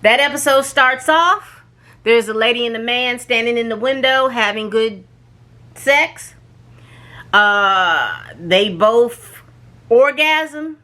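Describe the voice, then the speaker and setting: A woman recaps episodes in a loose, chatty way. She tells the story with plenty of animation, acting out the characters' lines as she goes. Her voice has a bright, forward tone. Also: fairly high pitch, slow pace. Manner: animated storytelling, acts out quoted lines, frequent restarts and fillers. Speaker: reviewer recapping a show. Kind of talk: casual spoken recap.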